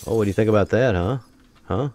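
A man giving excitable commentary while playing a survival game, taunting enemies and breaking into sudden loud outbursts. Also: lowish voice, fast, slight background noise. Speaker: gameplay streamer. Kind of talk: let's play commentary.

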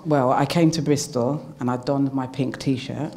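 A woman's voice: rumbling low, fairly even intonation, unhurried. A woman, a player's mother, answering at a live event, emotional and proud. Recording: noisy live room.

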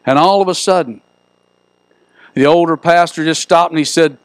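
A man's voice: fairly high pitch, brisk, no room sound. A middle-aged man preaching a sermon in a church, folksy and joking as he tells stories. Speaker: pastor. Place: church sanctuary.

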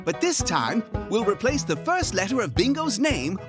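A woman's voice: mid-range voice, very animated, normal speed, close to an everyday voice. A woman voicing Mister Frog, a cheerful frog leading a children's sing-along and coaching the kids. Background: children's music.

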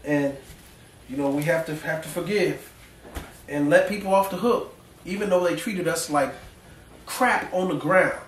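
A male pastor preaching a folksy, animated sermon full of slang, drawing responses from the congregation. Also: on the high side, measured pace, pauses often, slight background noise. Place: church sanctuary. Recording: echoey church room, mic at a distance.

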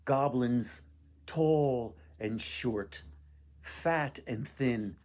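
A man reading a folktale aloud to children, expressive with dramatic pauses. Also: medium pitch. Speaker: author reading his book. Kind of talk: storybook read-aloud.

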